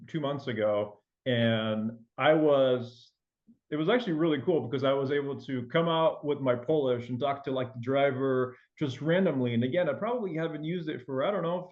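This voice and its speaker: A man's voice: medium pitch, moderate pace, lo-fi sound. A man raised in France with a faint French accent, a loan officer chatting casually as a guest in an interview, full of fillers and restarts.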